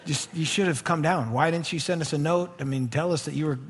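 A man's voice: fairly high pitch, fairly quick, breathy edge. A man voicing a defensive, middle-aged man who blames everyone else, in an excuse-making tone, inside a reverberant hall. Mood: whining.

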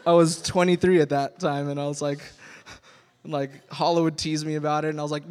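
A man's voice: on the high side, fairly even intonation, a little fast. A man, a youth pastor giving a casual, rambling sermon full of fillers and laughter. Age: 20s. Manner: rambling, chatty, many fillers, laughs often. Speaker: youth pastor, worship leader. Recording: long hall reverb.

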